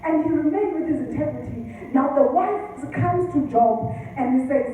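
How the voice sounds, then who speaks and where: A woman's voice: high-pitched, lively intonation, moderate pace, dark tone, muffled recording. A woman pastor preaching a sermon emphatically, repeating phrases for weight. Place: church hall. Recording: echoey church hall, distant mic, faint noise.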